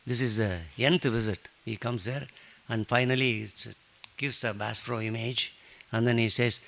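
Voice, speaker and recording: A man leading a satsang, telling a devotional story with lively joking asides. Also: mid-range voice, fairly quick, vocal fry. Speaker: satsang speaker.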